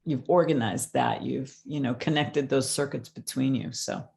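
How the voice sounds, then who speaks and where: A woman leading a support group, speaking gently and encouragingly to the mothers. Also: rumbling low, normal speed, gravelly.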